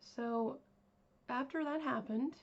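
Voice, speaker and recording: A woman's voice: sits high, slow, dull audio. A woman hosting a true crime podcast, telling the story in a casual, rambling way with lots of fillers. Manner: rambling, chatty, with many fillers.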